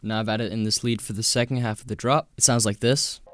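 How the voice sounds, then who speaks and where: A man with a fairly low voice talks through a music production tutorial, calm and matter-of-fact, step by step. Loud electronic music plays underneath his voice-over. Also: a little fast.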